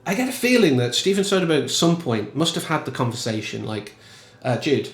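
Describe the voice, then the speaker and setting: A man giving casual, emphatic film commentary in a chatty, animated way. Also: on the high side, fast talker, roomy sound. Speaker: film reviewer.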